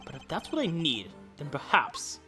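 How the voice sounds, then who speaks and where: A woman voicing a composed, formal male prosecutor who reasons deliberately in a game let's play. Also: deep voice, wildly swooping pitch, bright, forceful tone, faint music behind, heavily acted. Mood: deliberating.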